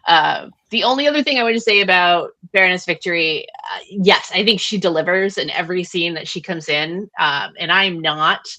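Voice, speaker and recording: A woman co-hosting a podcast, recapping a book in casual, animated chat full of fillers. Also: fairly low pitch, normal speed. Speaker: podcast co-host.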